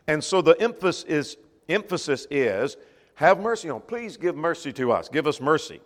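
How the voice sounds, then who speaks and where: A man's voice: fairly high pitch, sing-song, normal speed, long reverb tail. A man teaching a church Bible class in a conversational way, asking the class questions as he goes.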